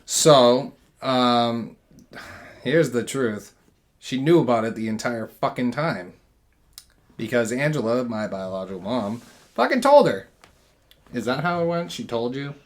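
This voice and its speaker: A young man telling stories on a casual podcast with his partner. His talk is loose and full of swearing, and it jumps into loud bursts when he gets worked up. His pitch sits in an ordinary middle range. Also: unhurried, pauses often. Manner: animated, profane, loud bursts when excited. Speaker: podcast host. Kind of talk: casual storytelling chat.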